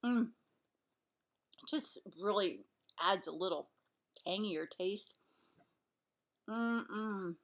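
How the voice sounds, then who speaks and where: A woman's voice: medium pitch, extremely slow, pauses often, fairly bright tone. Woman vlogger, chatty and rambling, casual home talk while eating. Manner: chatty, rambling, trailing off and restarting. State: out of breath. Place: her home, kitchen and living room couch.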